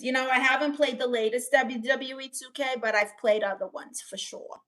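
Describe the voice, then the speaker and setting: A woman's voice: on the high side, normal speed, hardly any pauses, a bit bright. A woman with a Brooklyn accent hosting a casual comedic livestream, reading chat aloud, laughing often and joking around. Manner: playful, laughs often, trying silly accents.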